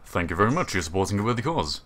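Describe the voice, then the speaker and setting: A man hosting a casual gaming livestream, with dry, deadpan, self-mocking jokes. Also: on the low side, rapid-fire. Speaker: livestream host. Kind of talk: casual gaming stream chat.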